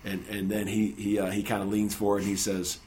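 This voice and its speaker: Guy telling a story, kinda low voice, gets animated. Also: fairly quick, slight background noise. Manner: earnest, animated retelling with acted-out quotes. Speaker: guest telling his story. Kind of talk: conversational storytelling.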